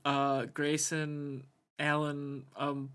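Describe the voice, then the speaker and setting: A man's voice: on the high side, very slow. A man co-hosting a casual sports talk show, talking loosely with lots of fillers. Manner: relaxed, filler-heavy chat. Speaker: sports podcast co-host.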